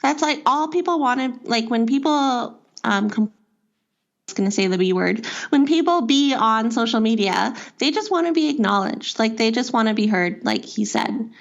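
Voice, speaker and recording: A woman talking casually as a guest in an interview, frank and breezy, laughing often. Her voice has a gravelly fry, and the recording sounds a little dull. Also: a little high, animated, moderate pace. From Canada. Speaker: guest, social media strategist.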